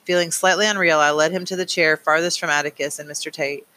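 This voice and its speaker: A man narrating a novel aloud in a measured, plain storytelling manner. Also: on the high side, steady tone, pushed and bright, rough recording. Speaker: audiobook reader. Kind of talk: audiobook narration.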